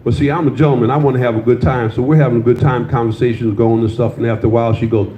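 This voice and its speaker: An older man performs a loose, crude stand-up set in a comedy club, telling stories and teasing the audience. His medium-pitched voice comes rapid-fire with fairly even intonation, and the live club sound is slightly dull and roomy with a little background noise.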